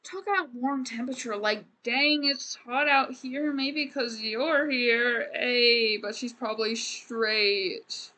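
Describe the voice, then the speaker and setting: A woman's voice: on the high side, takes it slowly, few pauses, bright, forceful tone. A woman streamer giving casual gameplay commentary, rambling and joking as she talks to the game characters.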